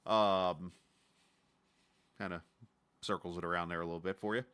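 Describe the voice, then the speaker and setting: A man hosting a sim racing broadcast, interviewing the winner in a chatty, halting way with easy jokes. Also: low voice, fairly even intonation, a bit bright, clear, resonant tone. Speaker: broadcast host.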